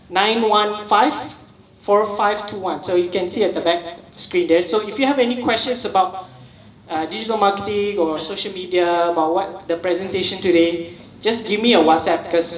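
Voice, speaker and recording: A man with a Malaysian accent giving a seminar talk as a guest speaker, often repeating and restarting words and mixing in Malay. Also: high voice. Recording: echoey hall, distant mic.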